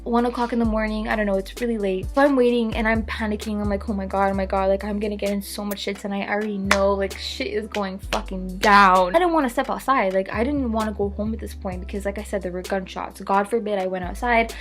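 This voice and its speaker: A young woman telling a story in casual vlog chat, animated, swearing and acting out panicked quotes. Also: mid-range voice, fast talker, few pauses, music in the background.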